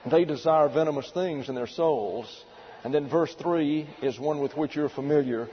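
A man preaching a sermon, working through numbered points in a deliberate, emphatic way. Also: a little high, muffled recording, slight background noise. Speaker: pastor.

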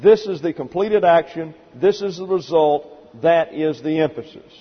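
A man's voice: fairly high pitch, a little slow, husky, long reverb tail, dull audio. A man preaching as a pastor, working through numbered points in a methodical Bible lesson with dry asides. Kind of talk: expository Bible teaching.

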